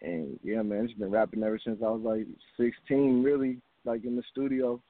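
A man's voice: mid-range voice, level tone, normal speed, dry recording. A man calls in to a radio show and answers questions as a hip hop artist. He is laid-back and polite, with plenty of fillers, and his voice sits in the middle range. The line is dry and thin, like a phone call. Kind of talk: phone-in interview.

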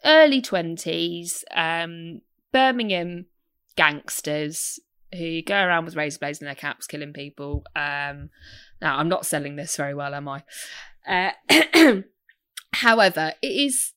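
A woman's voice: sits low, animated, unhurried, fairly bright tone, smooth, dry recording, studio quality. A woman co-hosting a podcast in casual, enthusiastic chat. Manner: chatty, enthusiastic, laughs often. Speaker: podcast co-host.

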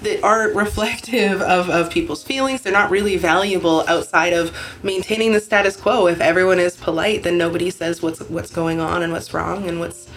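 A woman's voice: fairly low pitch, steady tone, a little fast, hardly any pauses, fairly bright tone. Rambling, casual woman podcast host. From Canada. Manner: rambling, frequent fillers and self-corrections, swears casually.

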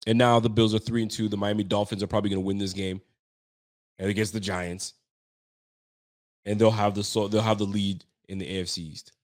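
A man's voice: fairly low pitch, fairly even intonation, fairly quick. A young man hosting a sports show, venting in a heated postgame rant, slangy and repetitive. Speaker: sports podcast host.

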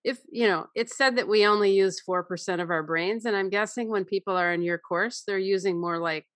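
A woman's voice: mid-range voice, fairly quick, fairly bright tone, dry recording. Enthusiastic woman interviewer, dry sound. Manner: enthusiastic, encouraging. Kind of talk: conversational podcast interview.

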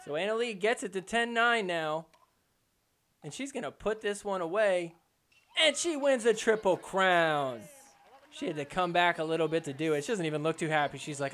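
Man, podcast host, excitable joking recap of match footage, slightly high voice. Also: normal speed. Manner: excitable, joking, mimics players in quotes. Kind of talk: sports recap commentary.

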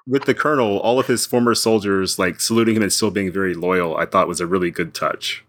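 Deep-voiced man, thoughtful and measured. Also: steady tone, fairly bright tone. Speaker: podcast co-host. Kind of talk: casual chat about comics.

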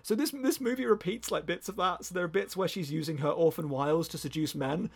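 A man chatting casually on a podcast, his rambling, enthusiastic talk full of restarts and self-corrections. His voice sits a little high for a man and has a gravelly edge. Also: a little fast. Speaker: podcast co-host. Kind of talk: casual chat.

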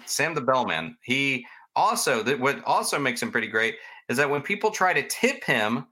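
A man's voice: medium pitch, very animated, moderate pace, pushed and bright, husky. A man hosting a podcast, casually telling ghost stories in a chatty, rambling way and poking fun at himself. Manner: chatty, rambling, self-mocking. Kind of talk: casual storytelling chat.

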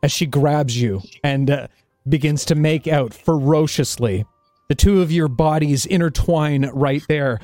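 Slow-spoken man narrating as game master. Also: fairly high pitch, darkish tone, dry recording, faint music behind. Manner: slow, descriptive narration with hesitations. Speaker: dungeon master.

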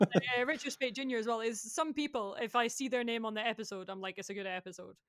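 Scottish woman, young adult, podcast guest, fairly high voice, smooth and clear, dry close sound, eager chatty delivery. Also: fast, no echo. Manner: enthusiastic, chatty, many "like" fillers, laughs often. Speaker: guest, musician and actor. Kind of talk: casual podcast chat.

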